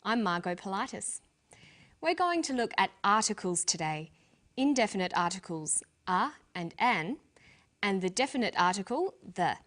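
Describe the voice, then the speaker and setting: A woman presenting a scripted English lesson, explaining grammar clearly and deliberately, slowing down for example words. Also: mid-range voice, very animated, fairly bright tone.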